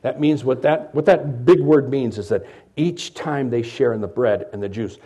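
Male pastor, middle-aged, husky and mellow tone, lively sermon delivery with loud peaks and hushed asides. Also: medium pitch, normal speed. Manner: animated preaching, swings from loud emphasis to quiet asides.

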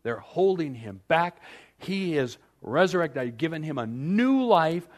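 An emphatic, commanding Jesus, as a preacher acts him out, calling out orders in a raised, lively voice. Each line lands with firm urgency. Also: male voice, on the high side, unhurried. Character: commanding Jesus, adult man, urgent and kind.

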